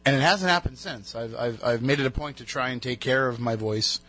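A man's voice: medium pitch, a little fast, bright, forceful tone. A man hosting a radio show, telling rambling stories in casual banter, his voice just back from being lost. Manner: chatty, rambling storyteller. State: recovering from a lost voice.

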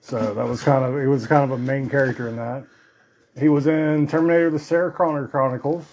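A man's voice: medium pitch, fairly even intonation, brisk, a little mellow, a little hiss or hum. A man hosting a podcast in casual chat, rambling and swearing now and then. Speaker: podcast host.

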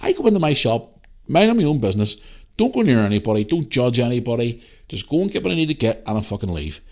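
A man in his thirties tells a story on his podcast, heated and profane. His pitch leaps up and down as he goes, lively all the way through. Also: fast. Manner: heated storytelling, heavy swearing, animated re-enacted dialogue. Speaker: podcast host. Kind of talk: casual ranting monologue.

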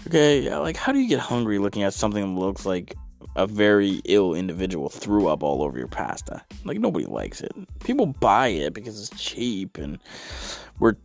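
A man's voice: fairly low pitch, wildly swooping pitch, a little fast, creaky, soft background music. A man performing a stand-up comedy routine, with exasperated rants and big vocal swings.

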